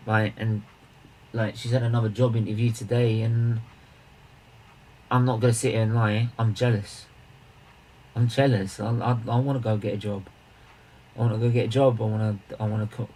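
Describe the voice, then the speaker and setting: A man hosting a casual charity livestream, rambling and repeating himself, with bursts of excited emphasis. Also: on the low side, vocal fry, a little hiss or hum, poor audio.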